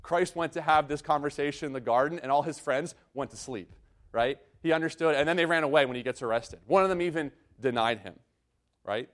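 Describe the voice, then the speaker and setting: A man's voice: on the high side, brisk. A man preaching a sermon, reading scripture and explaining it in an earnest way, often repeating and restarting his phrases. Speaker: pastor.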